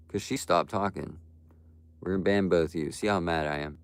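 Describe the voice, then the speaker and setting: Young male streamer, very deep and gravelly, profane ranting at chat. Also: brisk, no echo. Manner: ranting, blunt and profane, frequent "bro" and "like". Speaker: livestreamer. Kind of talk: live stream talk to chat.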